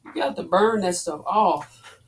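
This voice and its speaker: A woman's voice: fairly low pitch, lively intonation, unhurried. A woman in her forties chatting casually to her viewers while she works out, a little out of breath, calling them "y'all". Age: 40s. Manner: chatty, addresses viewers as y'all, breathy exclamations between exercises. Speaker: fitness vlogger. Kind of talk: casual chat while working out.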